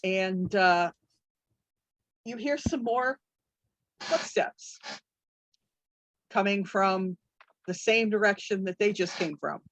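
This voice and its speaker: A woman runs a tabletop game and narrates the scene slowly, pausing often with fillers. Her voice is recorded dry and close. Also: mid-range voice, a bit bright, no echo. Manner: halting, with many fillers. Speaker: game master.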